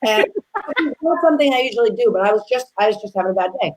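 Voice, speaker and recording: A woman guest chef in a casual interview, a lively storyteller who acts out what people said. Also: on the high side, quick pace, poor audio.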